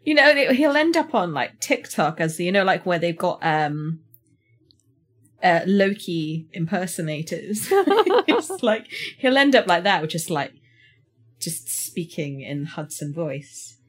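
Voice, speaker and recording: A British-accented woman who grew up in Somerset co-hosts a relaxed book podcast. Her voice sits a touch low for a woman. She teases herself freely and laughs easily. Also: slow pace, husky. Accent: British English. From Somerset, England. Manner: self-mocking, laughs often. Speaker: podcast co-host. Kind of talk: casual chat.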